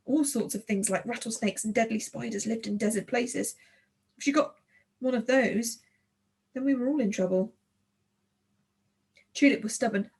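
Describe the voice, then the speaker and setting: A woman narrating a children's audiobook in the first person, with expressive storytelling. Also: mid-range voice, brisk, gravelly, husky.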